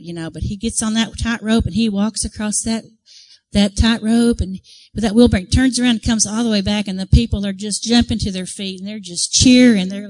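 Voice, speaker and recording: A women's ministry speaker gives a devotional talk to a church group, earnestly telling a story and acting out how the crowd reacted. Her mid-range voice is a little fast and darkish, and the recording is rough. She's conversational and asks her listeners questions.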